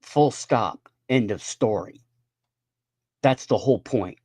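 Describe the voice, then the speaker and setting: A man's voice: lowish voice, takes it slowly, mellow, no echo. A man in his fifties ranting in a casual live stream monologue, profane and rambling. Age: 50s.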